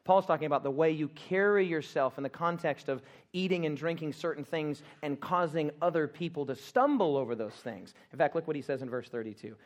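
High-voiced animated male preacher. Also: brisk, hardly any pauses. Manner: animated preaching with call-and-response and humor. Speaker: pastor. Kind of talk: sermon. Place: church.

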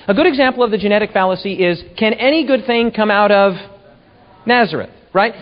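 A man co-hosting a church discussion show, explaining ideas earnestly and often checking that listeners follow. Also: high voice. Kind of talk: explanatory teaching talk. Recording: roomy long reverb, dull lo-fi sound.

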